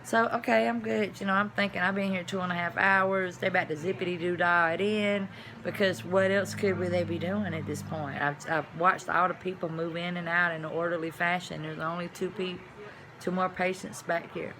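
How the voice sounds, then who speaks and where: A woman vlogger telling a personal story to camera, chatty and animated, dropping to hushed asides and rising to loud exclamations. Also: lowish voice, moderate pace, noisy background. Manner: chatty, addresses viewers as y'all.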